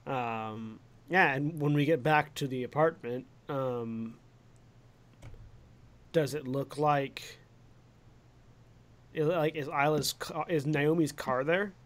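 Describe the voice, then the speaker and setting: A man plays his part in a tabletop game, wry and a little exasperated. His voice sits on the high side for a man. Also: slow, long pauses. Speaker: player.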